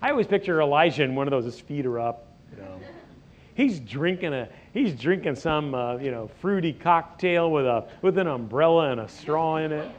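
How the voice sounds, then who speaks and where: A middle-aged man preaching, retelling a scripture story in a folksy, animated way with jokes and asides. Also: on the high side, normal speed, slight background noise. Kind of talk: storytelling sermon. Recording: dull lo-fi recording.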